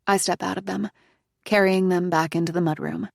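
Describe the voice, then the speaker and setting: Low, gravelly woman narrating a thriller. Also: fairly even intonation, moderate pace, no room sound, studio quality. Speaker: audiobook narrator. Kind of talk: first-person thriller narration.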